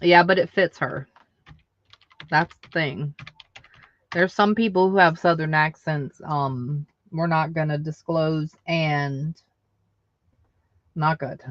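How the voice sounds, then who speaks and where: A woman's voice: low voice, steady tone, takes it slowly, no echo, muffled recording. A woman hosting a live online craft sale, chatting casually and answering viewer comments aloud. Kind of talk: casual live-selling chat.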